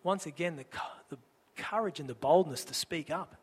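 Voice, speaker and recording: Male pastor with a high bright voice, chatty storytelling sermon, long church reverb. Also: normal speed, husky. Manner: conversational storytelling, rhetorical questions.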